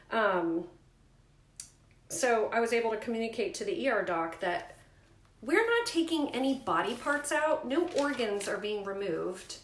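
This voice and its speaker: Woman, personal vlog storyteller, emphatic and animated, mid pitch, reverberant room. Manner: emphatic, animated retellings with rising outbursts. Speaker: mother sharing a family health story. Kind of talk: candid personal storytelling to camera.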